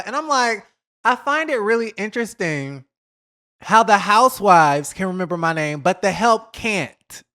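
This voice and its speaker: Chatty gossiping man hosting a vlog. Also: high-pitched. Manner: chatty, animated, dishes shade and mimics others; says y'all, drawn-out emphasis. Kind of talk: casual gossip commentary.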